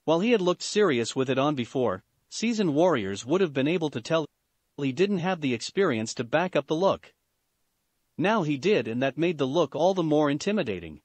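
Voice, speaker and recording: A man reads fan fiction aloud in steady storytelling. His voice sits slightly high with lively pitch movement, recorded close and dry with no room sound. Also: moderate pace, no echo. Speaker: narrator.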